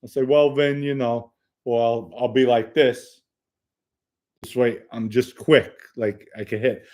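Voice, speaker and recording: Brief: New man hosting a live chat, plain-spoken and blunt, middle-pitched voice. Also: fairly even intonation, measured pace, darkish tone. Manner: blunt, matter-of-fact, reads chat comments aloud. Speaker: host answering viewer questions. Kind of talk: casual live-stream chat.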